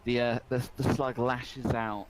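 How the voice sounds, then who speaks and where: A man's voice: mid-range voice, level tone, unhurried, slight background noise, low-quality recording. A man narrating a tabletop game as game master, describing monsters and calling for rolls.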